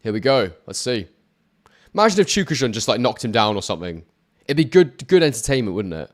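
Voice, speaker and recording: A man commentating a boxing match live on his channel, chatting with viewers between quick play-by-play calls. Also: medium pitch, big pitch swings. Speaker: boxing YouTuber commentating a fight. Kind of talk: live watch-along commentary.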